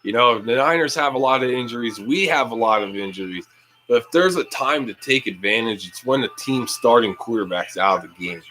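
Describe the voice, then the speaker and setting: Excitable young man reacting to a live game. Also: mid-range voice, fairly quick, a little hiss or hum, low-quality recording. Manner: excitable, yells at big plays, reads chat aloud; casual, slangy. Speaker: livestream host.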